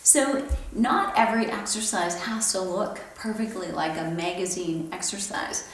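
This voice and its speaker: Woman in her fifties, fitness instructor, encouraging, slightly winded, slow and unhurried, recorded far off in a very echoey room. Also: medium pitch. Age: 50s. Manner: encouraging, counts reps while lifting. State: a little out of breath. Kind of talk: home workout demonstration. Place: home room.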